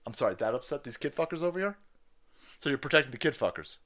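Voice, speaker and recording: A man's voice: medium pitch, lively intonation, quick pace. Profane, mocking male stream host. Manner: profane, mocking, loud outbursts. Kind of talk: livestream commentary rant.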